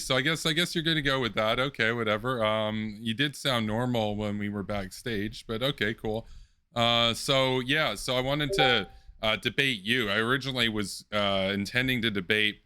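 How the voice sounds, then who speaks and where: A man hosts an online political debate, speaking in a measured way with frequent ums and uhs. His voice sits a little low but sounds bright and crisp. The mic is close and dry, with no room sound. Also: dry recording. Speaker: debate host.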